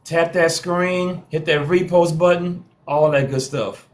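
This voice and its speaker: A man's voice: a little high, fairly even intonation, unhurried. A man hosting a live social stream, hyping viewers with repeated calls to follow and share and playful trash talk.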